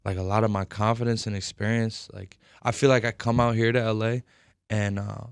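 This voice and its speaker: A man's voice: fairly low pitch, little pitch movement, a little fast, creaky, smooth, no echo, studio quality. A young man in his twenties answering interview questions thoughtfully and earnestly, with many fillers. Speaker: rapper, interview guest. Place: radio studio.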